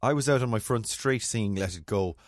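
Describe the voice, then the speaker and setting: A man's voice: fairly low pitch, a little fast, dry recording, clean studio sound. A middle-aged man co-hosting a casual chat, telling funny stories with laughs. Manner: storytelling, lively, full of laughs. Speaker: co-host.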